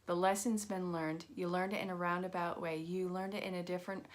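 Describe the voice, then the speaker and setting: A woman's voice: fairly low pitch, level tone, brisk. A woman giving a casual live-streamed card reading, chatty and reassuring as she talks straight to her viewers. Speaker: angel card reader.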